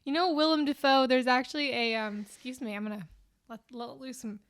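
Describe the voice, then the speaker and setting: A woman's voice: high voice, steady tone, fairly quick. A young woman in her twenties co-hosting a podcast in casual, giggly, teasing chat with lots of swearing. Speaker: podcast co-host.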